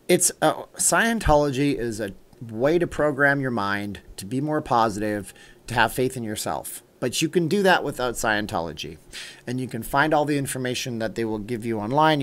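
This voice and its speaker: A man's voice: medium pitch, fairly bright tone. A middle-aged man hosting a casual livestream, chatting loosely, answering viewer comments, thanking supporters by name and drifting into an earnest pep talk. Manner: rambling, chatty, reads out viewer names and answers chat. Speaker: livestream host.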